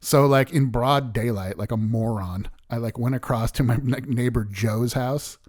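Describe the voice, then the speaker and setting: A man's voice: mid-range voice, normal speed, a little mellow. A man with a Pacific Northwest American accent, co-hosting a podcast, laughing along and chiming in with reactions in casual chat. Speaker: podcast co-host.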